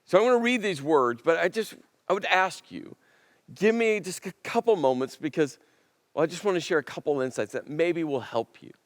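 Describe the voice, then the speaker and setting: A man preaching a sermon in a lively, conversational manner, slipping into quoted voices. His voice sits fairly high and the sound is dry and close. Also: fairly quick, dry recording. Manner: conversational, animated, acts out quotes. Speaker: pastor.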